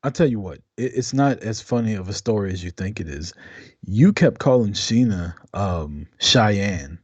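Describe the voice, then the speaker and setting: A man's voice: on the low side, expressive, moderate pace, darkish tone, husky, dry recording, dull audio. A man co-hosting a casual live-stream podcast, laid-back and teasing, talking to the chat. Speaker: podcast co-host.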